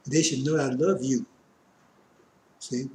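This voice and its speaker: A man's voice: mid-range voice, fairly even intonation, slow pace, a little mellow. Male religious teacher, casual scripture explainer with a strained, coughing voice, roomy sound with faint background noise. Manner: reads verses aloud and explains them loosely, with many asides.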